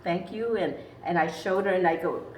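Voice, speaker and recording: A woman's voice: on the low side, a little fast. An older woman from Arizona giving an emotional personal testimony, earnest and tearful, laughing between lines. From Arizona, USA. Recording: roomy echo from a distant mic, faint noise.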